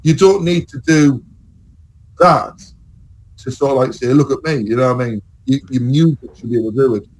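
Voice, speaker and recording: A man's voice: medium pitch, normal speed, pauses often, rough recording. A man telling long, rambling, sweary stories as a podcast host in casual chat.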